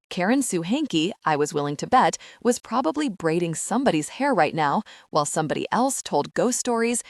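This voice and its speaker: A woman's voice: fairly low pitch, no room sound, clean studio sound. A woman reading a first-person audiobook aloud, telling the story expressively and giving the characters' lines voices of their own. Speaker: audiobook narrator.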